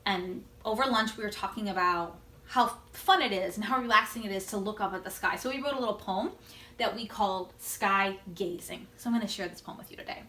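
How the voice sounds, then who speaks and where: A woman teaching a recorded lesson for children, gentle and encouraging, and inviting them to join in. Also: medium pitch, a little fast, reverberant. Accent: American.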